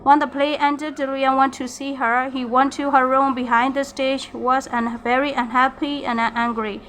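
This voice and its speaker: Bright-voiced woman reading a storybook. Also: high-pitched, flat delivery, a little hiss or hum. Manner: halting, with slips and restarts. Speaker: reader. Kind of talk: reading a graded storybook aloud.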